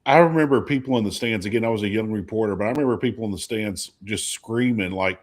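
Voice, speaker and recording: Low-voiced sports host, long joking questions. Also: male voice, fast, hardly any pauses. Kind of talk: podcast interview questions.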